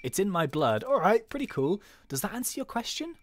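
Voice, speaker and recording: A man's voice: high voice, big pitch swings, fairly quick, pitched above the performer's own voice. A man voicing a sassy, dismissive female pug dog on a date in a game.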